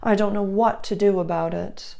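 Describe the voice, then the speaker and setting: A woman's voice: medium pitch, steady tone, creaky, mellow, pitched above the performer's own voice, close to an everyday voice. A woman putting on a melodramatic old-movie diva. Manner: drawn-out, theatrical, says "darling".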